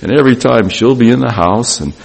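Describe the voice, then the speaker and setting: A man's voice: medium pitch, fairly quick, gravelly, breathy edge, rough recording. A middle-aged man giving an earnest devotional address to young graduates, repeating phrases for emphasis.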